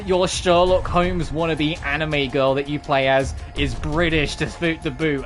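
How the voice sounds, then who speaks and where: A man's voice: a little high, steady tone, moderate pace, hardly any pauses, a bit bright, faint music behind. A man streaming games, chatting casually at the end of a session and wandering off on tangents. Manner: rambling, full of self-corrections and asides.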